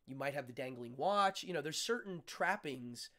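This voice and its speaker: A man hosting a casual interview chat, telling stories in an animated, excitable way. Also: on the high side, moderate pace. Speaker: host.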